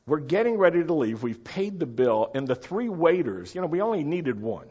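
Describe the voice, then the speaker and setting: Husky-voiced middle-aged man telling stories. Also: a little high, normal speed. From United States. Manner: animated, chatty, asks listeners to follow along. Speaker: storyteller. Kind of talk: casual anecdotal storytelling. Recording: dull lo-fi recording.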